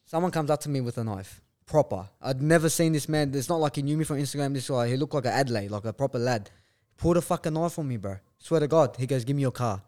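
A man's voice: mid-range voice, expressive, quick pace, mellow. A man, a podcast guest telling a story bluntly, with lots of swearing and slang. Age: 20s. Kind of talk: casual chat.

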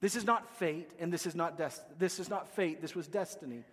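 A man preaching a sermon as pastor, emphatic, with hushed lines between loud declarations. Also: a little high, brisk, in a large hall.

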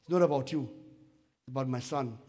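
A man sharing a personal testimony in church, halting with many restarts and fillers, rising to loud emphatic bursts. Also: mid-range voice, faint music behind. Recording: echoey hall with long reverb.

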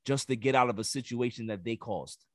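A man's voice: mid-range voice, brisk, dry recording, clean studio sound. Emphatic man hosting a sports podcast. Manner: emphatic ranting, repeats words while building a point. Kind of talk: casual sports talk.

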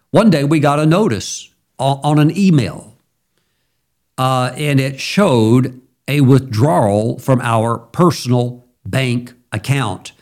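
A man's voice: mid-range voice, a little mellow. A middle-aged male pastor preaching a sermon in a conversational, storytelling way, with sudden emphatic jumps.

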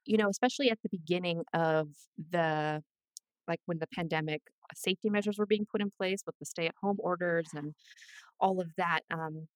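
Career coach guest: woman, lowish voice, dry close sound, chatty and animated. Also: no echo. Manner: chatty, animated, quick asides. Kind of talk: casual interview chat.

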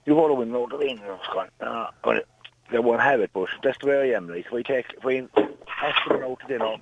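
A man's voice: medium pitch, fast talker, a little hiss or hum. An Irish man in his late forties, calling in to a radio show and rambling through stories. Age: 40s. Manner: rambling anecdotes. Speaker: caller. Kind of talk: phone-in call. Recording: tinny phone line.

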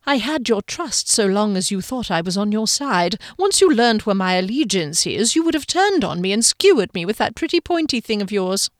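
A woman playing a calm scheming man in an audiobook, smooth and reasonable, never raising his voice. The sound is dry and close. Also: mid-range voice, moderate pace, few pauses, no room sound, natural voice. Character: calm scheming tall male gardener-mastermind. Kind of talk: audiobook character voice.

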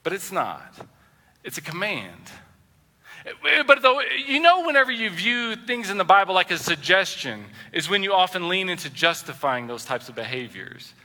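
Animated male pastor in a reverberant hall. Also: sits high, moderate pace. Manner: animated, acts out quoted voices, swings loud and soft. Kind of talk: sermon. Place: church sanctuary.

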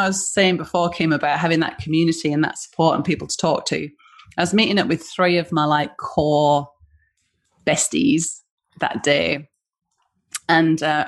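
A woman speaking over a video call, with a slightly low voice. She talks in a chatty, storytelling way, with plenty of fillers, and acts out the lines of people in her story. She sounds like a founder being interviewed as a guest. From Western Australia. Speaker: guest, small business founder.

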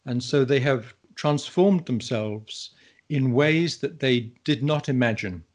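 A man of middle pitch speaking slowly and deliberately as a podcast guest. He lays out ideas in a thoughtful, measured way, like a teacher explaining to a class. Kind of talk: casual conversational podcast.

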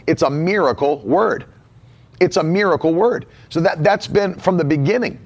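Casting: male pastor, somewhat raised voice, preaching with emphatic repetition. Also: on the high side. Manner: emphatic, repeats key phrases. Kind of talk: sermon.

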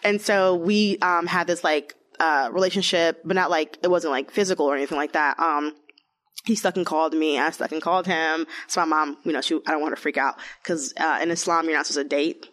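A woman's voice: deep voice, brisk. A young woman telling her own story in casual chat, full of "like" fillers and acted-out quotes. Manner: chatty, lots of "like", animated quoted voices. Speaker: interviewee.

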